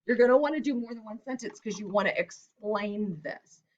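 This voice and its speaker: A woman's voice: medium pitch, animated, normal speed, muffled recording. A woman teacher giving a recorded writing lesson to children, guiding them step by step and acting out example sentences. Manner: step-by-step, encouraging, acts out example lines.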